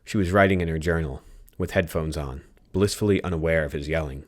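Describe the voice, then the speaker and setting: A man reading a science fiction audiobook chapter in a steady, even narration. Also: very deep voice, brisk.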